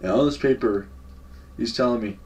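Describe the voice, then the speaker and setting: A man's voice: mid-range voice, normal speed, darkish tone. A young man telling a casual story-time vlog in a laid-back, slangy and profane way. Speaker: vlogger. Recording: voice a bit far from the mic.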